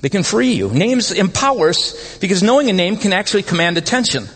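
A man preaching a sermon as pastor, animated and conversational, often rising in pitch to stress a point. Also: a little fast, husky. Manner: animated, rises in pitch when making points. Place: church sanctuary. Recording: long hall reverb.

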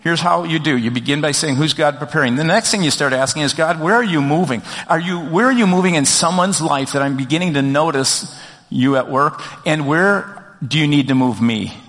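A man's voice: on the high side, brisk, fairly bright tone. A man pastor giving a conversational sermon, asking the congregation questions as he goes. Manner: conversational preaching with rhetorical questions. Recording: long reverb of a large hall.

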